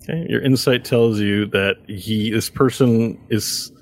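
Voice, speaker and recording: A man narrating as game master of a tabletop game, describing scenes in a relaxed, conversational way. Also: lowish voice, measured pace.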